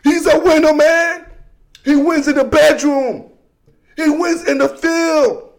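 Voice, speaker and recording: A man hosting a casual football commentary show, talking in an animated, slangy, joking way that swings between shouts and mutters. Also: extremely high pitch, takes it slowly, vocal fry.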